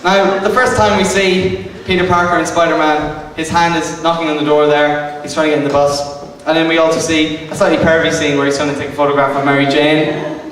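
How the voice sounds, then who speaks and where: A man's voice: fairly high pitch, level tone, fairly quick, hardly any pauses, a bit bright. Self-mocking man lecturing in an echoey hall. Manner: hesitant, self-mocking, many ums and restarts. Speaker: comic lecturer. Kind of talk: stand-up style comic lecture. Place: arts centre venue with live audience. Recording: echoey hall recorded from far off, noisy.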